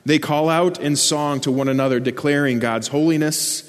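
A man's voice: fairly high pitch, fairly even intonation, moderate pace. A man preaching a sermon, earnest and explanatory, lifting his voice to stress key words. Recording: long church reverb.

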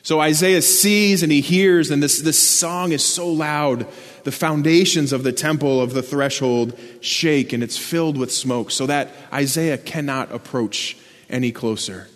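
A man's voice: a little high, measured pace. A man preaching a sermon, earnest and explanatory, lifting his voice to stress key words. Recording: long church reverb.

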